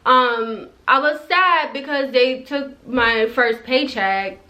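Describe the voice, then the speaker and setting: Young woman spilling a story, kinda high, bright voice, rambly and laughy. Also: slow. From immigrant to the US. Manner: chatty, rambling, laughs through the telling. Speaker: storytime vlogger. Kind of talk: casual storytelling.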